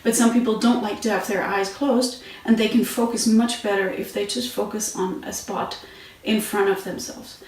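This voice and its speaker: A woman teaching meditation and yoga sitting positions in a relaxed, conversational way, with fillers and restarts, recorded on a mat at home. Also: medium pitch, moderate pace. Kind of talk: instructional talk. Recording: very echoey room, mic at a distance.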